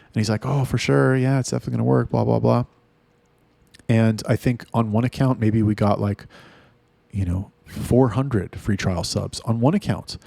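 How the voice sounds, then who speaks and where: A man's voice: medium pitch, steady tone, moderate pace, vocal fry, warm tone, dry recording. A man ranting in a casual, blunt and heavily profane monologue. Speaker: talk host.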